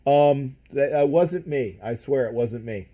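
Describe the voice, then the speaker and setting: A man's voice: medium pitch, measured pace, warm tone. An older man hosting a casual live-streamed sports talk show, rambling and profane, with a lot of false starts. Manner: rambling, profane, many restarts.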